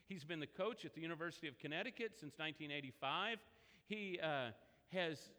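Man, pastor, sermon, conversational storytelling, high-pitched, echoing church hall. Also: sharp tone.

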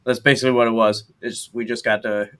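A man's voice: medium pitch, level tone, fast, fairly bright tone, clear, resonant tone. Man, laid-back, swears casually, laughs easily, podcast chat. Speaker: blacksmith and podcast host.

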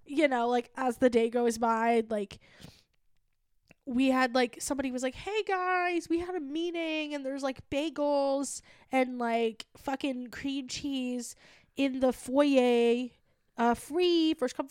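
A woman co-hosting a comedy podcast, telling an office story with animated quoting and frequent laughter. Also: high-pitched, takes it slowly, no echo, studio quality. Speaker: podcast co-host.

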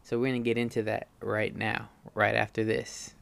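A man's voice: fairly low pitch, monotone, normal speed, creaky, over loud music. A young man hosting his podcast alone, talking casually, swearing freely and often checking in with listeners. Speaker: podcast host. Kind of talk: solo casual podcast monologue.

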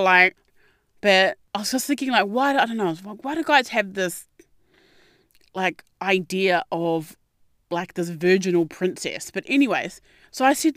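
A young adult woman, hosting a podcast and telling a personal story in a candid, expressive way, swearing freely and acting out quotes. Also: mid-range voice, unhurried, no echo, studio quality. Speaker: podcast host. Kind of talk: casual storytelling monologue.

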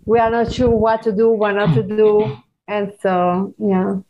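A woman's voice: mid-range voice, flat delivery, faint music behind. Hebrew-native lady talking in an interview, earnest, stops and restarts a lot, kinda muffled sound. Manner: earnest, halting, with frequent restarts and non-native phrasing. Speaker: guest author. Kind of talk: conversational interview.

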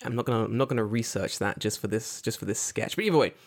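A man's voice: fairly low pitch, quick pace, creaky. A man chatting casually as a podcast co-host, rambling and joking, often slipping into silly put-on voices. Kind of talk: casual chat.

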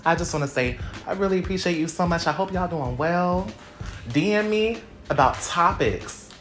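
A woman's voice: lowish voice, moderate pace, soft background music. A young adult woman hosting her own podcast, talking casually and slangily, giving motivational pep talk straight to her listeners. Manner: chatty, slangy and motivational, addresses listeners directly. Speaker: podcast host.

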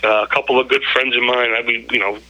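A man's voice: mid-range voice, fairly even intonation, quick pace, bright, forceful tone, low-quality recording. A man, a graffiti-writer guest talking in a profane, rambling way and saying "you know" constantly. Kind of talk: casual chat.

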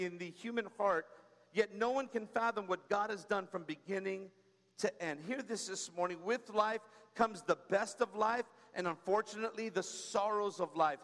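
High-voiced preacher man in a reverberant hall. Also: a bit bright. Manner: conversational preaching, frequent "come on" and "right?"; tells personal stories with humor. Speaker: pastor. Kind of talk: sermon.

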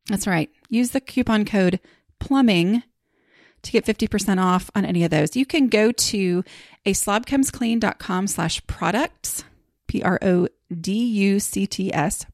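Woman, podcast host, casual rambling chat, gravelly fry, dry sound. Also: mid-range voice, dry recording. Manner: chatty, rambling, lots of fillers and restarts.

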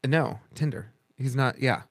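A man's voice: medium pitch, unhurried, dry recording. A man co-hosting a casual podcast chat, telling stories and acting out other people's lines as he goes. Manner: animated storyteller, acts out quoted voices. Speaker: podcast co-host.

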